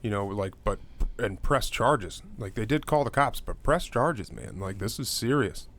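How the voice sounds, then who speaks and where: A young man co-hosting a casual true-crime podcast, talking loosely with lots of fillers and jumping into mocking high voices. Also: very animated, moderate pace, a bit bright, slight background noise. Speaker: podcast co-host.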